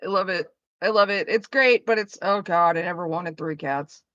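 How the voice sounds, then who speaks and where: A woman's voice: fairly low pitch, moderate pace, fairly bright tone, no room sound, muffled recording. A woman chatting casually on a live stream, rambling and swearing through her asides.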